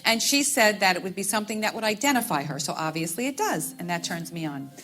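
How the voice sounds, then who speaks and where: A woman's voice: mid-range voice, expressive, quick pace, fairly bright tone, faint music behind. A woman working as a stage medium, addressing audience members one by one and calling them sweetheart and honey. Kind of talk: live audience reading.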